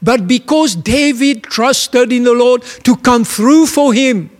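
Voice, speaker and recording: High-voiced preacher in a reverberant hall. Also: male voice, slow pace. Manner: emphatic, storytelling with rhetorical questions. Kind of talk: sermon.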